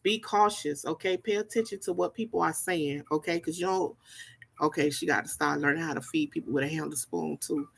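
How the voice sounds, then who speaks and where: Deep, brisk and slightly rough with vocal fry, this woman's voice delivers a spiritual reading. She's a folksy, preachy reader who says things over and over and constantly asks "okay?"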